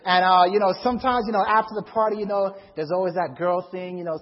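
A man preaching a testimony sermon to a congregation in a church. He tells his story as an animated storyteller who acts out voices and shouts for emphasis. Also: sits high, quick pace, few pauses, in a large hall, muffled recording. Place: church before a live congregation.

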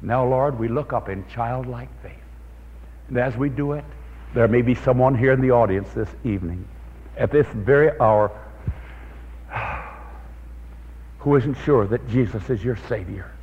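A man preaching a sermon to an audience in a hall, telling stories in an animated way and praying aloud. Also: mid-range voice, a little slow, pauses often. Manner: animated storyteller, prays aloud. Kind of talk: evangelistic sermon with storytelling. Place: church or meeting hall with an audience. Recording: dull old recording in a reverberant hall.

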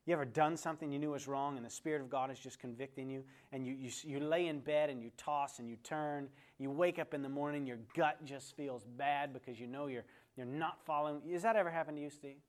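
A man's voice: a little high, fairly quick, hardly any pauses. Man teaching a conversational Bible lesson. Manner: storytelling, asks the class questions, calls on people by name.

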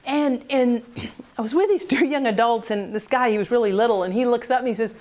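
A woman speaking on prayer ministry, telling a story in an animated way and acting out the voices of the people in it. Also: a little high, fairly quick. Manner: animated, acts out quoted voices. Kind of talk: storytelling talk.

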